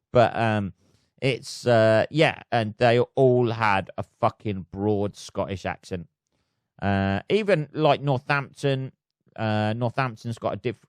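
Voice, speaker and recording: A lowish, smooth male voice with a Northamptonshire English accent, rambling on his own podcast. He swears constantly and fills gaps with ums and likes. The recording is dry and close. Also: no echo. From England. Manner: rambling and sweary, many fillers. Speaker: podcast host. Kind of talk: casual solo chat.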